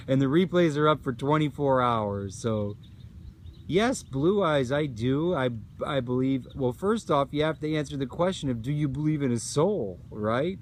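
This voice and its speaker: A man's voice: mid-range voice, animated, normal speed. An enthusiastic man hosts a casual live stream, gushing about the view and greeting viewers one after another. His voice sits in an ordinary middle range. He is recorded outdoors on a phone, with a faint hiss of open air behind him. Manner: upbeat, effusive, reads out viewer comments. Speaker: livestream host. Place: outdoors at a nature preserve at sunset.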